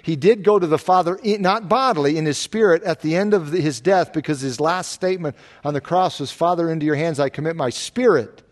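A man's voice: a little high, brisk, few pauses. A man, a pastor, answering Bible questions in a sermon-style Q&A, earnest and explanatory, asking rhetorical questions.

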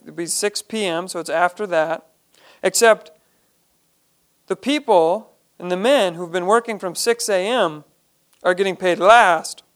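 A man's voice: sits high, a bit bright. A man leading a Bible study, reading each verse aloud and then explaining it in plain, earnest terms.

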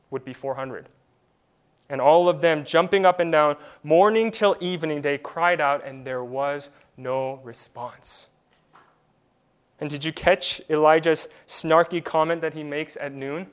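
A pastor preaching in a slightly high, smooth and resonant man's voice. He presses his points with rhetorical questions and then falls quiet to let them land. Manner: emphatic preaching full of rhetorical questions, with sudden drops to quiet; repeats words when starting a phrase. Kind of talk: sermon.

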